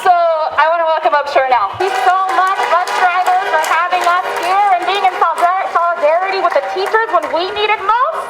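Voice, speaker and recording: A woman's voice: very high-pitched, a little fast, few pauses, over loud music. A woman teacher giving an impassioned rally speech outdoors, firing off repeated rhetorical questions. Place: outdoor rally at city hall. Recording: noisy outdoor crowd.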